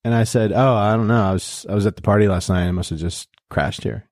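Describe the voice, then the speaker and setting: A man's voice: on the low side, fast, no room sound, clean studio sound. A man telling a funny story as a podcast guest, laughing now and then. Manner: deadpan anecdote, laughs.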